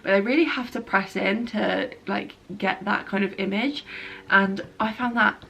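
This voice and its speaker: Young woman, casual vlogger at home. Gravelly fry, chatty and loose, lots of "like" fillers. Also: medium pitch, steady tone, moderate pace, fairly bright tone, a little hiss or hum. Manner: chatty and rambling, with frequent filler words. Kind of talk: casual spoken update. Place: at home, by a bed.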